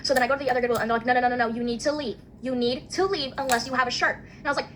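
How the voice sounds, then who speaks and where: Fast-talking, foul-mouthed young woman ranting. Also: fairly high pitch, a bit bright. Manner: profane, fast, full of "like", acts out quotes. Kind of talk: casual storytelling rant. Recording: faint ambient noise.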